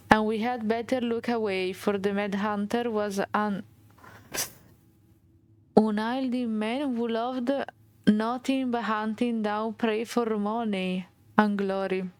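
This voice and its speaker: A woman with an Italian accent reading a game's fairy tale aloud as a streamer, halting and restarting, with Italian asides. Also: mid-range voice, clear, resonant tone, dry recording. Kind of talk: reading game text aloud.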